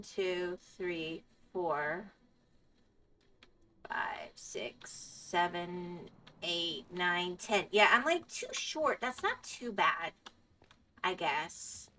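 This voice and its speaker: A woman's voice: medium pitch, animated, extremely slow, bright, forceful tone, slight background noise. A woman live-streaming a game, chatting casually with her viewers and laughing often. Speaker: Minecraft streamer. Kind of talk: casual live-stream chat while gaming.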